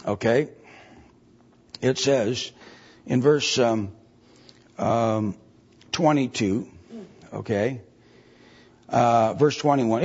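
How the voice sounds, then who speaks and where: A man's voice: mid-range voice, extremely slow, pauses often, darkish tone, husky. A man preaching a sermon, reading scripture aloud and pressing the congregation with emphatic repeated questions. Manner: reads archaic scripture aloud. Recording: dull lo-fi recording.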